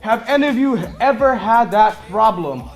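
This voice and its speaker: A young man from a Hawaii school broadcast doing a goofy infomercial pitch, with a Hawaii Pidgin accent. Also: lively intonation, normal speed. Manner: loud goofy salesman patter. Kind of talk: parody infomercial skit.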